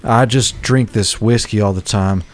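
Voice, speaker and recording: A man's voice: fairly low pitch, a little slow, lightly acted. A man voicing a sad, whiny young drunk in a tabletop role-playing game. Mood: mopey.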